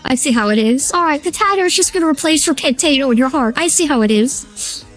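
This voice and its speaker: A high, squealy girl streamer. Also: a little fast, soft background music. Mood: playful. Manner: excitable, chatty, squeals and giggles. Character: high feminine streamer voice, playful. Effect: feminine voice changer. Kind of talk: casual live-stream chat while gaming.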